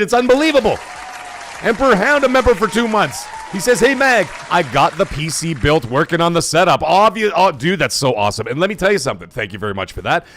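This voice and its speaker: A man hosting a gaming livestream, energetically reading out and reacting to chat messages. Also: on the high side. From Canada. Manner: energetic, hyped, reads chat messages aloud. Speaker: livestream host.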